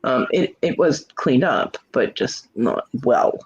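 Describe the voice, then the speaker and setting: A middle-aged woman hosting a casual livestream chat, telling a story with lots of swearing and jumping into high voices for quotes while greeting viewers. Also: slow pace. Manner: profane, animated storytelling with leaping voices for quotes. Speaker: livestream host. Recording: muffled lo-fi stream audio.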